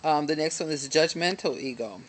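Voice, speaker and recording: In a deep voice at a fairly quick clip, a motivational speaker offers an earnest self-help talk to a camera held in her hand, reading from a book amid lots of ums and side comments. A little hiss or hum is audible, along with faint chirping crickets.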